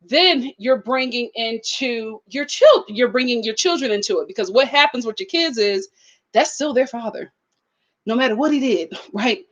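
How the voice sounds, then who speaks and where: A young adult woman giving casual, animated commentary on a reality show, with mocking impressions and laughing asides. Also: on the high side, moderate pace, lo-fi sound. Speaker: commentary vlogger.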